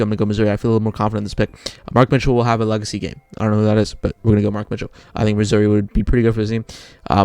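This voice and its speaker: A man's voice: fairly low pitch, a little mellow, clear, resonant tone, no room sound. A young man casually talking through his bracket picks, rambling and often correcting himself. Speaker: sports video creator.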